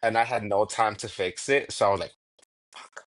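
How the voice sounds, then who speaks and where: A man's voice: lowish voice, brisk. A man co-hosting a podcast, rambling through stories with restarts and casual swearing. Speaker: podcast co-host.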